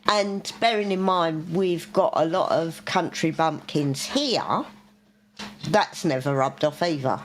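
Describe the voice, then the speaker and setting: A woman with a London accent co-hosts a podcast, blunt and down to earth, swearing freely. She talks slowly in a lowish voice. A faint hiss sits behind her. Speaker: podcast co-host. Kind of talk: casual chat.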